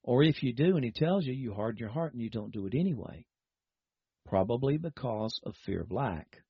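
Husky-voiced man preaching on radio. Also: mid-range voice, animated, brisk, dry recording. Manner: earnest, exhorting, leads a prayer. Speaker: radio Bible teacher. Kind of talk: broadcast sermon. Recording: dull lo-fi broadcast with faint music.

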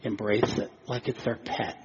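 A man preaching a sermon in an animated way, acting out quoted voices with chuckles. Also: on the low side, moderate pace, dull audio, slight background noise. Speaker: pastor.

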